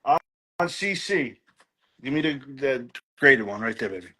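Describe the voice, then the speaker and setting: A man's voice: mid-range voice, sing-song, moderate pace, bright, forceful tone. A man hosting a live comic book sale, reading off issue numbers, grades and prices in a casual stream chat.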